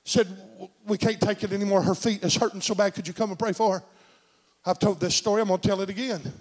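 A middle-aged man preaching a sermon in a church, telling a story and swinging from shouts to hushed tones. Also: high voice, fairly even intonation, quick pace. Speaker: senior pastor. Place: church sanctuary.

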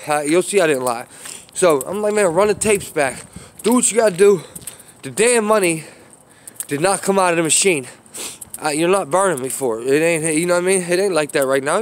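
On a city sidewalk, a man with a high-leaning voice films himself walking and rants through a drawn-out tale, swearing and apologizing as he wanders off track. The phone recording carries slight hiss or hum.

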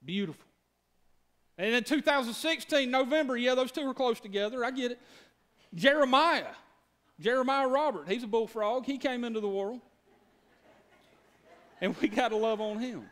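A pastor in his thirties delivers a sermon with a notably high-pitched voice for a man. He talks folksily and with humor, doubling words as he goes. His delivery is that of a plain-spoken preacher chatting with his flock. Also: moderate pace, pauses often, a bit bright. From Georgia, USA. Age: 30s. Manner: folksy, joking, stammers and repeats words.

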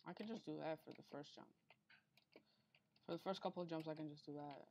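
A woman's voice: sits low, fairly even intonation, fairly quick, vocal fry, darkish tone, slight background noise. A woman giving unscripted gameplay commentary during a speedrun attempt, rambling, talking to herself and getting easily frustrated. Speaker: gamer recording a speedrun attempt.

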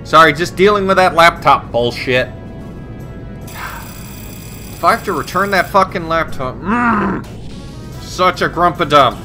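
A man with a high, bright voice talks over a game, swearing freely and mocking what he sees. His pitch jumps around a lot as he gets worked up, and faint game music plays underneath. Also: slow, long pauses. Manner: profane, sarcastic, excitable. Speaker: let's play host. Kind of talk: gameplay commentary.

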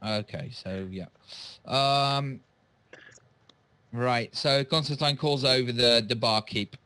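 A man playing a tabletop game, describing his character's actions in a measured, hesitant way. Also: mid-range voice, bright, forceful tone, smooth. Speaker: player.

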